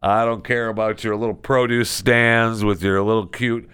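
Ranting man host with a deep voice. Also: normal speed, few pauses, fairly bright tone, clean tone, no room sound. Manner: mock-outraged ranting, sarcastic. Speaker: podcast host. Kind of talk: casual comedic monologue.

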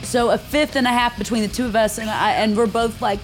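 High-voiced profane woman telling wild stories. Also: fairly quick. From Tennessee. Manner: profane, animated, acts out quoted voices. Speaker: interviewee telling a story. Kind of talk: casual storytelling interview. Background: background music.

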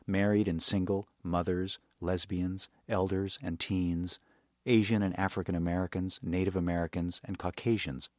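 A man giving scripted documentary narration in a measured, even way. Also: deep voice, no room sound, studio quality.

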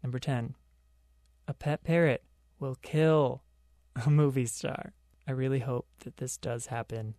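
A man's voice: mid-range voice, fairly even intonation, measured pace, pauses often, warm tone, no echo, clean studio sound. Sarcastic young man hosting a podcast. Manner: sarcastic, joking asides. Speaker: podcast host. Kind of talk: solo pop culture commentary.

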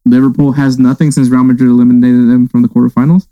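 A man's voice: mid-range voice, level tone, fast talker, warm tone, lo-fi sound. A man co-hosting a casual soccer podcast, rambling with frequent laughs and restarts. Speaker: podcast co-host. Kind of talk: casual sports chat.

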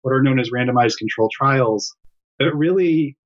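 A man's voice: medium pitch, normal speed, muffled recording. A middle-aged man, a developmental psychologist, explaining his work earnestly as a guest in a remote interview from home. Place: home during lockdown.

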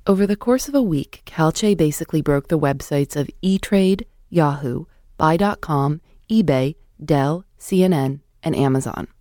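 A woman hosting a podcast, narrating in a measured way and asking questions. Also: sits low, mellow, no echo, clean studio sound. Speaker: podcast host. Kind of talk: scripted narration and interviewing.

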